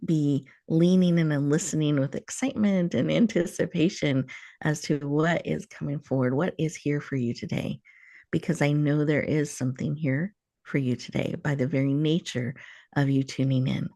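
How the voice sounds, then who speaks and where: Low soothing woman guiding a breath. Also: fairly even intonation, creaky, mellow, dry recording, clean studio sound. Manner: slow, soothing, encouraging. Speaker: host. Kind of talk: guided breathing meditation. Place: virtual room, remote call.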